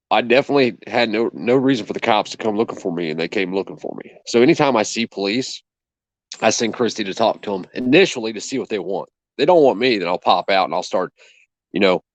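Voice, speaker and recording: In a dull, dry lo-fi recording with no echo, a channel host whose voice is on the low side tells an indignant, profane story during a casual chat. He acts out both sides of the conversation.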